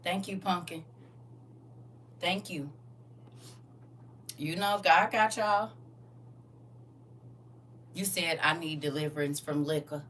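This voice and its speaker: A woman's voice: sits low, fairly even intonation, a little slow, pauses often, a bit bright. A woman preaching a livestreamed sermon, fervent and exhorting in a colloquial style. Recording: distant mic with faint noise.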